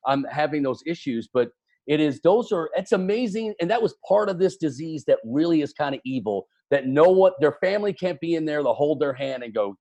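Animated Kentucky radio DJ, self-deprecating. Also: male voice, a little high, a little fast. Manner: animated, exclamatory, self-deprecating, stammering restarts. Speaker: radio DJ, podcast guest. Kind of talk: casual video-call conversation. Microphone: video call.

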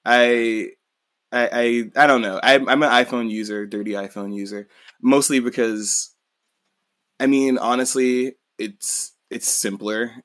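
A man's voice: mid-range voice, steady tone, unhurried, a bit bright, dry recording. A young man co-hosting a podcast, chatting casually, swearing freely and restarting his sentences often. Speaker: podcast co-host. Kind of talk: casual chat.

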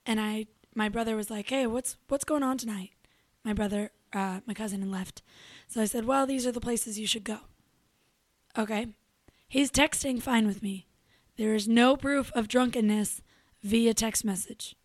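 A young adult woman co-hosting a show, telling a story in casual chat, animated and profane, acting out what people said. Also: on the high side, normal speed, no room sound. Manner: animated, profane, acts out quotes. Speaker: radio show co-host.

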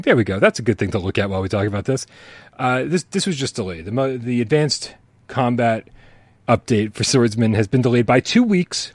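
A man's voice: mid-range voice, no room sound. A man co-hosting a live gaming podcast in casual, rambling chat, often admitting he is unprepared. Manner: rambling, self-deprecating, chuckling. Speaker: podcast co-host.

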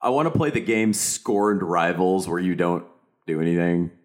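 A man's voice: sits low, moderate pace. A man co-hosting a podcast in casual chat, joking and bursting into silly voices. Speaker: podcast co-host.

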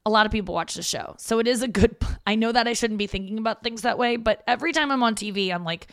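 A woman's voice: a little high, fast, clean tone, dry recording, clean studio sound. A woman stand-up comic hosting her own podcast, talking casually at home in a rambling, self-mocking way with frequent swearing. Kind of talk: casual solo podcast monologue. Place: room in her parents' home.

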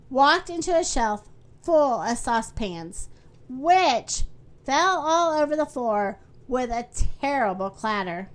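A woman hosting a children's story podcast, reading aloud in a friendly, animated way. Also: high-pitched.

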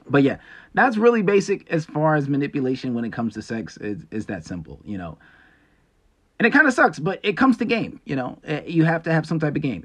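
A man's voice: mid-range voice, fairly bright tone. A man hosting a solo podcast, talking bluntly and with profanity as he lectures his listeners. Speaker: podcast host. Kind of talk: casual solo podcast monologue.

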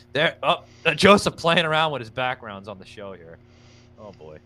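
A man's voice: medium pitch, big pitch swings, normal speed, sharp tone. A young man hosting a casual livestream show, rambling and thanking viewers by name between many fillers. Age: young adult. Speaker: podcast host.

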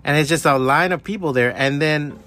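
A man's voice: a little high, a little fast. A middle-aged man hosting a podcast alone, telling stories in a heated, profane rant. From Miami area. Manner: profane, heated, animated storytelling. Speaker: podcast host. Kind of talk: casual solo rant.

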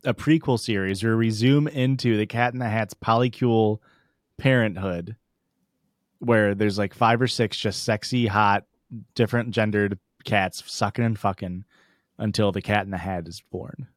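A man's voice: lowish voice, fairly even intonation, moderate pace, no room sound, studio quality. A man co-hosting a podcast, trading jokes and laughing often in casual banter. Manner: joking, riffing, laughs often. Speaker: podcast co-host.

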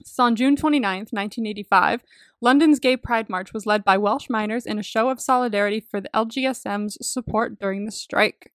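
Woman co-host, slightly high voice, dry close sound, gushing and giggly movie-recap chat. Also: fairly quick, no echo. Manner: enthusiastic, swears casually, laughs often. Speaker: podcast co-host.

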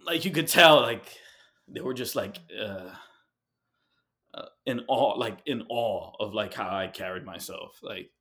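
A man from New York City, a guest in an interview, telling a personal story in a heartfelt, halting way with many fillers and restarts. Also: fairly low pitch, pushed and bright. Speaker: guest artist.

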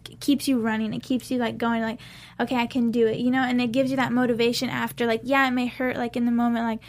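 Young woman dancer, high voice, rambling, says "like" a lot. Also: flat delivery, fast talker. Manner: rambling, lots of "like". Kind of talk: casual interview.

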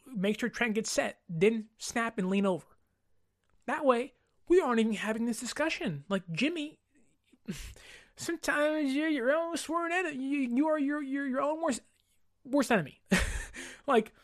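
Exasperated woman ranting about football. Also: a little high. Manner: exasperated, slangy, repeats herself for emphasis. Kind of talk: heated sports commentary rant.

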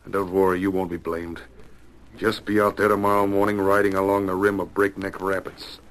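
A hard, scornful outlaw boss in an old radio western. His voice sits very low and he hands out orders in short, cutting lines. He never raises it much. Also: little pitch movement, brisk, fairly bright tone. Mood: coldly commanding. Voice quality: low, clipped, contemptuous. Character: cold, scheming male outlaw boss, middle-aged. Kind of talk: 1940s radio acting.

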